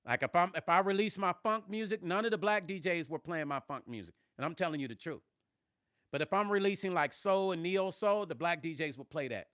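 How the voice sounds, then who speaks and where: A man's voice: fairly high pitch, a bit bright, no room sound, clean studio sound. A man who is a musician, chatting on a live stream, answering viewers' comments in a blunt, emphatic way. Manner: emphatic, blunt, swears when riled. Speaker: musician and vlogger.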